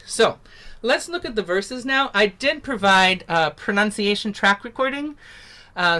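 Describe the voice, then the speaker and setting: A woman's voice: medium pitch, a bit bright. A woman teaching a folk singing workshop over a video call, explaining in a chatty, informal way and stopping to sing syllables as examples. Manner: demonstrates sung syllables between spoken explanations; chatty and informal, with many fillers.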